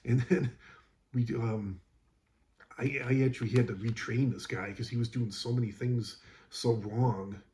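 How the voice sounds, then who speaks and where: Mellow-voiced man telling a work story. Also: mid-range voice, steady tone, a little slow, slight background noise. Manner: rambling, exasperated recounting with many fillers. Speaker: school custodian. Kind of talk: casual storytelling.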